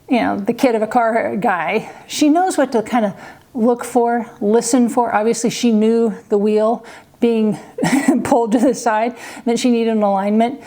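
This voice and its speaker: Woman, middle-aged, casual vlog storytelling, animated, fairly high, mellow tone. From Kansas. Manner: chatty, animated, acts out quotes with laughs. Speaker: vlogger, mother.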